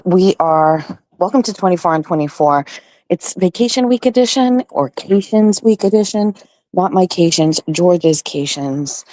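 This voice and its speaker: A woman's voice: deep voice, a little mellow, dry recording. A woman hosting a casual morning chat show, talking in a chatty, rambling, self-mocking way. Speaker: show host.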